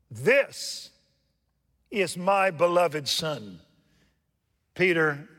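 A man preaching a sermon from the pulpit, jumping from loud emphatic lines to hushed asides and putting questions to his congregation. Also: mid-range voice, husky. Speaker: pastor. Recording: long reverb from a large hall.

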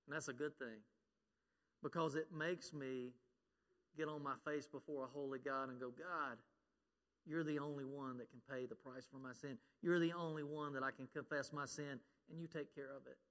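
A man's voice: mid-range voice, fairly even intonation, moderate pace, a bit bright. A man preaching a sermon as pastor, earnest, quoting scripture and at times getting choked up. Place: church sanctuary. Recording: long reverb of a church hall.

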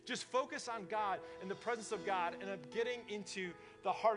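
A man's voice: high voice, normal speed, few pauses, music in the background. A man preaching a sermon in a casual, conversational way, full of fillers, in a church service held in a warehouse. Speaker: pastor.

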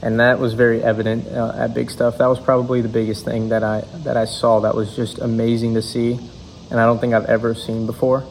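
A young man giving a halting church testimony, full of fillers and restarts. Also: mid-range voice, monotone, vocal fry, darkish tone, a little hiss or hum, rough recording. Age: young adult. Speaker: youth speaker.

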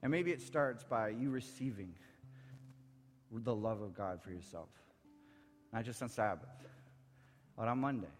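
A man preaching a sermon, impassioned, swinging from near-shouts down to low, quiet lines. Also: unhurried, pauses often. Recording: echoey hall with faint music.

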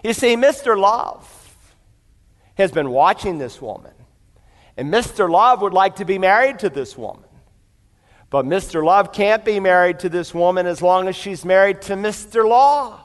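High-voiced preacher telling a story. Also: male voice, lively intonation, moderate pace, big-room sound. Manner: storytelling, addresses the congregation. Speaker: pastor. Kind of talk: sermon. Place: church before a live congregation.

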